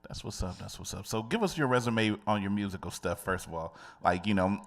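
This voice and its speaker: A man's voice: fairly low pitch, fairly quick, vocal fry. A man hosting a radio show in casual, slangy, joking talk with a sing-song delivery. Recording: loud hip hop music behind. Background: loud hip hop music.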